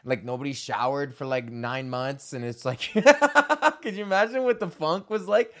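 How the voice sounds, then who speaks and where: A man's voice: medium pitch, a little fast. A young man from Canada hosting his own podcast, rambling casually while stoned, swearing a lot and laughing often. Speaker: podcast host.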